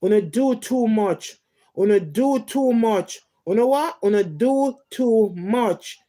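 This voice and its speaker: A woman's voice: a little high, expressive, slow, warm tone. Heated Jamaican woman ranting. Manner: heated, scolding, emphatic patois. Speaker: live streamer. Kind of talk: casual live-stream rant.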